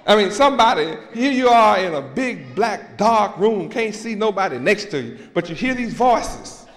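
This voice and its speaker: A man preaching a sermon, dramatic, shouting and acting out scenes to the congregation. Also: sits high, big pitch swings, normal speed. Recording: echoey hall with long reverb.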